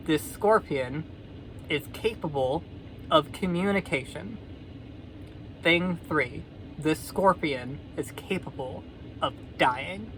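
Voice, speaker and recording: A woman vlogger telling a fable in a casual, sardonic, rambling way with deadpan asides. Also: sits low, a little hiss or hum. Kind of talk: casual storytelling commentary.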